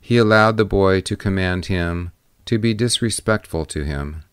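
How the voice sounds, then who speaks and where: A man narrating an audiobook in a steady, deliberate storytelling manner. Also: deep voice, smooth, no echo, studio quality. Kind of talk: scripted narration.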